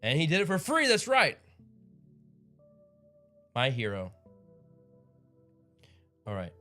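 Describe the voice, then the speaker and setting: A man's voice: a little high, wildly swooping pitch, slow pace, sharp tone, faint music behind. A man hosting a livestream in casual chat, rambling and upbeat with frequent chuckles. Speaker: livestream host.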